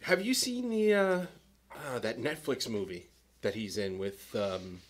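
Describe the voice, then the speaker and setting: A man's voice: medium pitch, lively intonation, unhurried. A man co-hosting a podcast, chatting easily with many hesitations. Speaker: podcast co-host. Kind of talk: casual chat.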